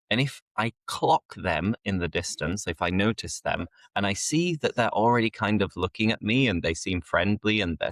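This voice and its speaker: A British man hosting a casual chat, playful and animated, acting out everyday greetings. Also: no echo, studio quality. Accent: British English. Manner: lively, playful, acts out greetings in high voices. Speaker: host.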